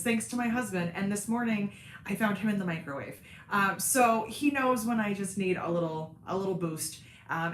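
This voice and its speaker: A tired woman hosts a casual livestream from home for her sewing and cork craft channel, seated indoors and chatting with viewers. She's candid and self-deprecating, rambling with many "um"s, in a medium-pitched voice with a roomy sound and slight background noise.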